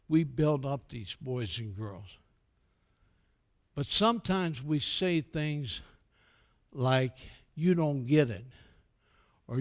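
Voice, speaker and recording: An older American man speaking at a church, telling stories and acting out the quoted dialogue before turning to a sermon-like message. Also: medium pitch. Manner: animated storyteller who acts out quoted dialogue. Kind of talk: storytelling speech with a sermon tone.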